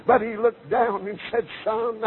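Preacher chanting sermon, tinny audio. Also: male voice, high voice, fairly even intonation, measured pace, slightly rough. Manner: chanting cadence with an "uh" before nearly every phrase. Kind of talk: revival sermon. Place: auditorium, televised service. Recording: tinny, phone-like broadcast audio.

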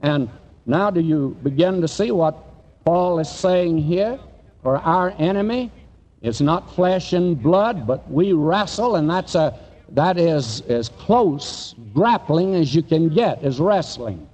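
A man's voice: on the high side, expressive, slow, mellow. A man preaching a sermon, reading scripture aloud in an old-fashioned cadence and asking the listeners questions. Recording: dull lo-fi recording in a reverberant hall.

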